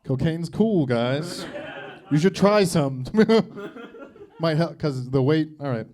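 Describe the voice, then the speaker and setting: A man trading insult jokes in a roast battle, deadpan with wry asides. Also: on the high side, slow. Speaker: roast comedian.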